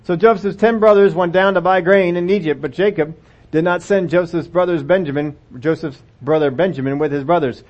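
This preacher has a fairly high, slightly mellow voice as he reads scripture and delivers his sermon in a conversational manner. He keeps putting rhetorical questions to the congregation, captured on a dull, lo-fi recording.

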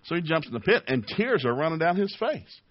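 A man in his sixties preaching a sermon with folksy, animated storytelling. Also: a little high, brisk, no room sound. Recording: dull lo-fi audio.

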